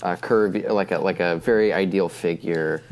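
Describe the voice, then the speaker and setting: A man's voice: low-pitched, steady tone, normal speed, a little mellow. A man co-hosting a casual comic book podcast, chiming in with short quips and agreement. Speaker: podcast co-host.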